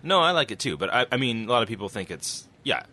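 Bright, lively-voiced man joking in chat. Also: medium pitch, quick pace. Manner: wry, joking, swears casually. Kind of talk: casual chat.

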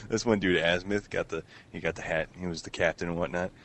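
A man with a very low, deep voice chats loosely with a friend, rambling through his story with plenty of fillers and restarts. A faint hum of background noise sits under the conversation. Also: steady tone, quick pace, a bit bright. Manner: rambling, laughing, filler-heavy. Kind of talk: casual chat.

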